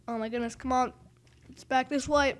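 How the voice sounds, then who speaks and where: A woman giving excitable, self-mocking commentary over her own gameplay and exclaiming at every failed jump. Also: sits high, moderate pace. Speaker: gaming video host.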